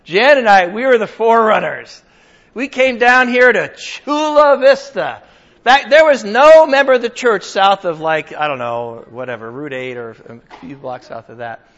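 In a church hall recorded with dull, lo-fi sound, an older pastor with a high, slightly bright voice preaches at a moderate pace. His sermon is conversational and forceful, and he jokes with the congregation facing him.

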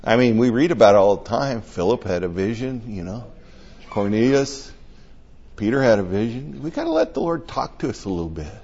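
An older man preaching a conversational sermon, telling stories in an animated and emotional way. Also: lowish voice, fairly quick, husky, highs cut off.

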